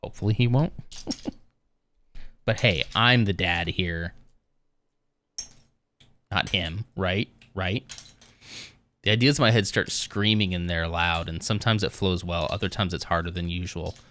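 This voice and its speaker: A man's voice: low-pitched, unhurried, long pauses, pushed and bright. A man streaming live, chatting casually with viewers in a rambling, easygoing way with lots of fillers.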